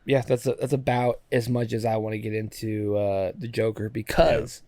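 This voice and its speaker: A young man co-hosting a podcast in casual chat, excitable and swearing freely as he hypes things up. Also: on the low side, moderate pace, no echo. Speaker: podcast co-host.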